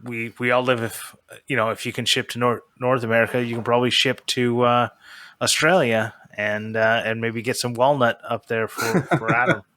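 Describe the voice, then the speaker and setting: A man's voice: medium pitch, fairly even intonation, normal speed, fairly bright tone, dry recording. A man co-hosting a podcast in casual chat, rambling with many fillers as he makes recommendations. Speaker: podcast co-host.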